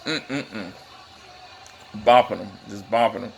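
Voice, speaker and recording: A man giving casual, profane reaction commentary while rewatching a fight, laid-back and quick to laugh. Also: lowish voice, creaky, faint music behind.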